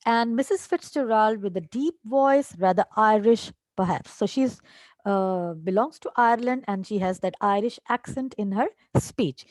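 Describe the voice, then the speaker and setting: A woman's voice: fairly high pitch, darkish tone, no room sound. A woman, explaining a play line by line to a class, with fillers and tag questions. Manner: reads a line, then explains it, switching to Hindi at times. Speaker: English teacher.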